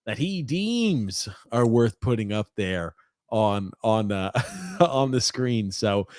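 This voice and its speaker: An energetic male podcast host whose pitch swings widely as he chats. He talks casually and swears now and then, and his voice is dry and close, with no room sound. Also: slow pace, dry recording.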